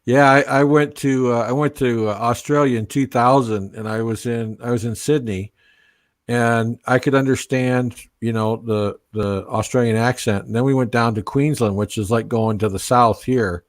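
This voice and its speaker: A man's voice: medium pitch, steady tone, normal speed, no echo. A man, a guest on a casual live stream, patiently explaining tech and spelling out names. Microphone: gaming laptop mic with headphones.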